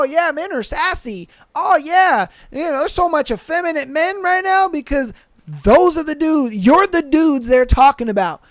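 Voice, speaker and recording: A man's voice: extremely high pitch, no echo, studio quality. A man hosting a podcast who gives blunt, profane advice in a rant full of slang and repeated lines. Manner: slangy, says bro a lot. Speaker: podcast host. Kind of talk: ranting advice commentary.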